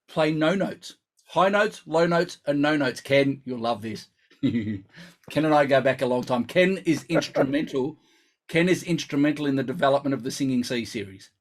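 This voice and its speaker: Sex: man. Pitch: a little higher than most men. Role: brass teacher, live online lesson. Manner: chatty and instructive. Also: lively intonation, normal speed. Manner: chatty, instructive, thinks aloud.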